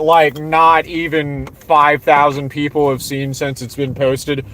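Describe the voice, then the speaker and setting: A young man with a Southern American accent holds forth in a long sarcastic rant to his livestream audience. His voice sits a bit high for a man, and he hammers the same mocking lines again and again. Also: little pitch movement, takes it slowly, hardly any pauses, fairly bright tone. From Southwest Florida, US. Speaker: livestream host. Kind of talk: ranting livestream monologue.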